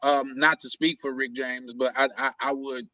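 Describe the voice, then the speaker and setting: A man hosting a casual live stream from his basement office, asking teasing questions in a halting, repetitive way. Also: medium pitch, little pitch movement, sharp tone, no room sound, lo-fi sound. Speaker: stream host.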